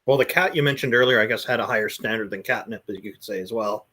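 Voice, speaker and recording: A man's voice: fairly low pitch, fast, bright, forceful tone. A man hosting a casual chat who mostly reacts with short comments and laughs. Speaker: host.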